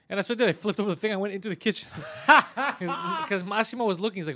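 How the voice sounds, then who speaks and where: A man hosting a casual live-stream podcast, swearing freely and telling stories with animated energy. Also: high voice, very fast. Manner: profane, animated storytelling. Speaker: podcast host.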